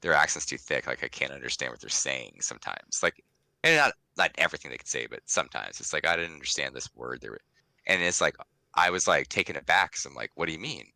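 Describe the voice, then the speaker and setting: A man's voice: rumbling low, lively intonation, fast, creaky, bright, forceful tone, no room sound, poor audio. A man from Washington, D.C. co-hosting a casual podcast, telling stories with lots of fillers. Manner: chatty storyteller, many fillers. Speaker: podcast co-host.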